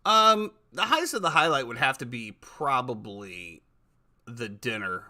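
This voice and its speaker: Bright-voiced man telling stories on a podcast. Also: mid-range voice, measured pace. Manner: animated storyteller, repeats words. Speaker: podcast host. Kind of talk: casual podcast chat.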